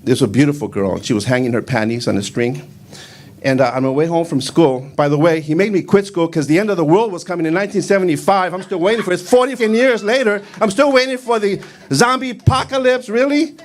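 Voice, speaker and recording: A man in his fifties doing a stand-up comedy set on a club stage, rambling in a deadpan way with lots of fillers. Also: fairly high pitch, quick pace. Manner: rambling, deadpan delivery with frequent fillers, breaks into shouted Spanish quotes.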